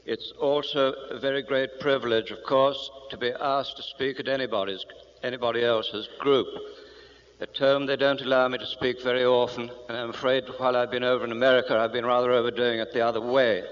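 Irish man speaking in an echoing hall. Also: medium pitch. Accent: Irish with English-sounding speech. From Ireland. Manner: dry self-deprecating humor, anecdotal. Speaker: guest speaker. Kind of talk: public talk to a meeting. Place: large meeting hall. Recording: muffled old hall recording with long reverb.

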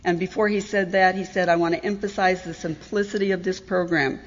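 A woman's voice: lowish voice, fairly even intonation, fairly quick. Candid woman speaking in a reverberant hall. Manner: candid, wry, self-deprecating, laughs often. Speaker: recovery meeting speaker. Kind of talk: personal testimony talk. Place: meeting hall. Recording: dull audio in a reverberant hall.

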